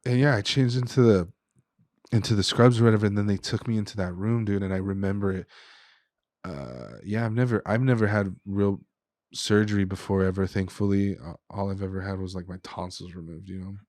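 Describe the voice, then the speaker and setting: A man's voice: fairly low pitch, a little fast, darkish tone, no echo, studio quality. A young man, a chef and restaurant guest, telling an emotional personal story in a casual way, full of "dude" and "like". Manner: casual, says "dude" and "like" often.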